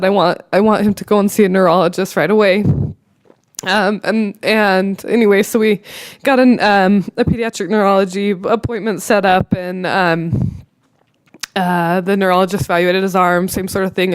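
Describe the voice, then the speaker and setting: A woman at a conference panel shares her child's story while fighting back tears. Her voice sits at a middle pitch. She speaks haltingly, full of pauses, fillers and restarted phrases. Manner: halting, many fillers and restarts, self-deprecating. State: emotional, near tears. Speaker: parent panelist.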